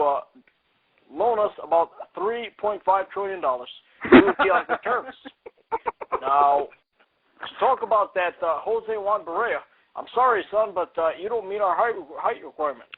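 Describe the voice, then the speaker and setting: A man impersonating a male president giving a halting, mock-formal speech full of pauses, as a comedy podcast bit. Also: high voice, sing-song, gravelly, slightly rough, full character voice. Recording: tinny phone-like lo-fi audio.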